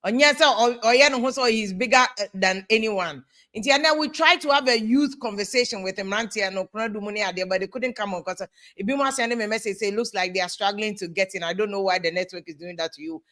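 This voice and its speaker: A woman with a Ghanaian accent hosting a live stream, reading out viewer comments in an animated, exasperated way and switching freely between English and Twi. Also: medium pitch, fast.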